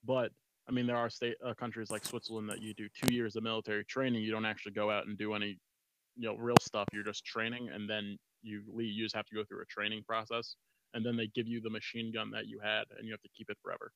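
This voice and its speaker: A man's voice: on the low side, level tone, fast, noisy background. A man in a casual debate who talks in an emphatic, rambling way and swears now and then. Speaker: panel guest. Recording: dull lo-fi mic.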